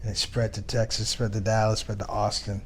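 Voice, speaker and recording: A man's voice: on the low side, a little fast, a little hiss or hum. A man, a comedian guest, telling stories in casual chat and acting out the voices of the people in them. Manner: animated storyteller, acts out dialogue. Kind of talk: storytelling chat.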